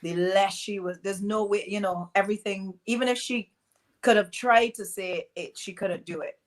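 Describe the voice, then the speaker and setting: A middle-aged woman from East London with a mixed Barbadian and London accent, telling her story as an interview guest, animated and acting out quotes. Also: mid-range voice, moderate pace. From East London, England. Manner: animated, acts out quotes, many fillers.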